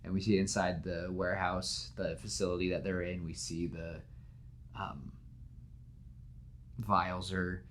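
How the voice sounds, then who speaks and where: A man co-hosting a podcast, casually retelling movie scenes and acting out the characters' lines, with plenty of fillers and restarts. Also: sits low. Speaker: podcast co-host pitching a movie.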